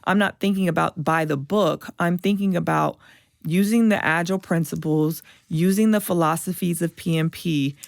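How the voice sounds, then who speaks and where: A woman speaks with a low, gravelly voice. She tells her personal story in an animated way and acts out the people she quotes. The sound is dry and close. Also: normal speed, no echo. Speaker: podcast guest. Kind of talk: emotional personal testimony.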